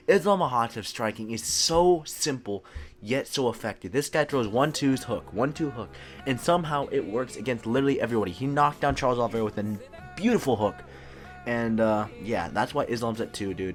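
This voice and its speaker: A man with a lowish voice talks quickly, with faint music behind him. He's an MMA YouTube host giving loose, casual commentary ranking fighters on his own channel, often saying "dude" and stumbling over repeated words.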